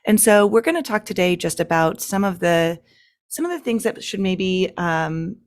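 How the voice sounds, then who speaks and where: A woman presents to a meeting as guest speaker, her voice a touch low. She talks in a loose, chatty way, with lots of fillers and small laughs.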